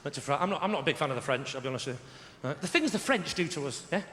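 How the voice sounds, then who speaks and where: A man's voice: on the high side, lively intonation, racing. A man doing a stand-up comedy routine in a large theatre, teasing the audience with rhetorical questions. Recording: echoey theatre with loud audience.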